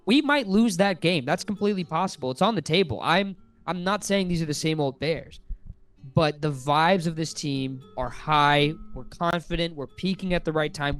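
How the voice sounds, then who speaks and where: A man talks casually as co-host of a sports podcast, excited and rambling like a fan. His voice sits a little high. Faint music plays softly underneath.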